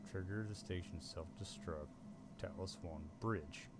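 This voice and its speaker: A man's voice: low-pitched, measured pace, heavy background noise. A male streamer chatting casually while playing a video game live. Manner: casual, chatty, talks to himself. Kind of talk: live gameplay commentary.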